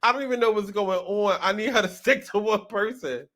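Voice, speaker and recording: High, bright-voiced sassy male host. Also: brisk. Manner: sassy, laughs often, repeats words for emphasis. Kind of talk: casual reaction commentary.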